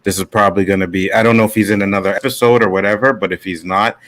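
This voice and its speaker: A man co-hosting a casual podcast chat, relaxed and slangy, often restarting his sentences. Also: lowish voice, rapid-fire, low-quality recording. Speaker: co-host.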